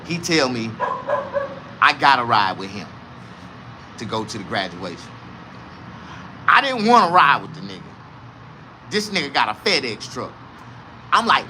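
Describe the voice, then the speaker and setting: A man from the South, telling a comedic story in a casual, profane, animated way. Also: mid-range voice, normal speed, pauses often, a little hiss or hum. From American South.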